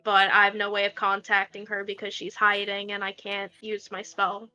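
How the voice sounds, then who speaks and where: A woman player in a casual tabletop game, excitable and freely swearing. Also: mid-range voice, moderate pace, clean tone, highs cut off, faint music behind.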